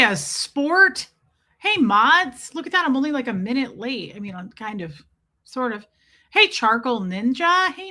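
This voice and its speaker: A middle-aged woman running a solo livestream, greeting her viewers one by one in a loose, affectionate chat. Her voice is bright and a touch high. She teases herself, calls people babe and girl, and drops the odd mild curse. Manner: self-deprecating, laughs often, bits of mild swearing. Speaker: livestream host.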